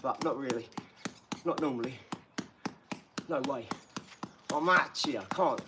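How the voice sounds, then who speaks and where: A man's voice: mid-range voice, measured pace, heavy background noise. A man who is a father, rambling and boastful in casual live-stream chat, mixing in street slang. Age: adult father.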